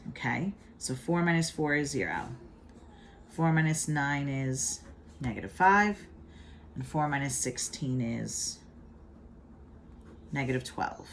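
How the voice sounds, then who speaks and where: Low-voiced lady doing a chill math lesson at home, slow and jokey, bit of room hiss. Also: lively intonation. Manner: chatty and playful, with hype catchphrases. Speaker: math teacher. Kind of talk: casual video math lesson.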